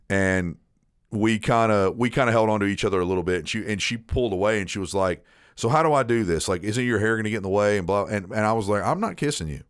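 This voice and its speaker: Man, casual storyteller, low pitch, dry close sound, repeats words, quotes others. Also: dry recording. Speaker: storyteller on a chat show.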